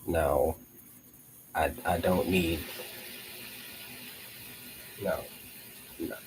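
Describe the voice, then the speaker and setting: A man's voice: low-pitched, steady tone, extremely slow, background noise. A young man hosting a live online show, chatting casually in a rambling way with frequent restarts and laughs. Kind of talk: casual live-stream chat.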